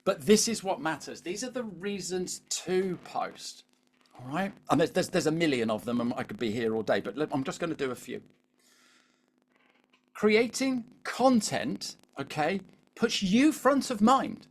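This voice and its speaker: A man's voice: a little high, lively intonation, measured pace, slightly rough. Chatty British man coaching a webinar. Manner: chatty, keeps asking the audience "all right?". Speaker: LinkedIn coach. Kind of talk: live webinar coaching talk.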